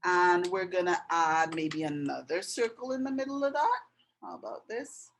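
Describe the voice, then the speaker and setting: A woman's voice: on the low side, lively intonation, normal speed, poor audio. A middle-aged woman giving a patient step-by-step art and writing lesson, often checking in with the viewer. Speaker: art and language tutor.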